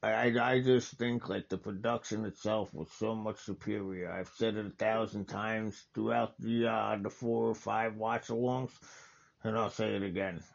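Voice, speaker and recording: A man's voice: fairly low pitch, fairly even intonation, normal speed, gravelly, lo-fi sound. A man hosting a casual wrestling watch-along, talking over the match in a rambling, enthusiastic way and correcting himself often.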